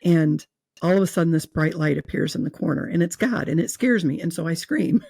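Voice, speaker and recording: Woman guest, heartfelt storyteller, gravelly fry in her voice, close and dry. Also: deep voice, lively intonation, a little fast, dark tone, no echo. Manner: earnest, emotional, with fillers and restarts. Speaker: guest telling her near-death experience. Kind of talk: personal storytelling in an interview.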